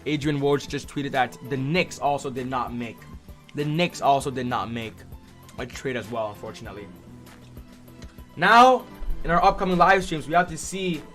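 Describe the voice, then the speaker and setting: A young man hosting a live sports stream, reacting excitedly and answering chat by name. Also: fairly high pitch. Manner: excitable, reads chat names aloud.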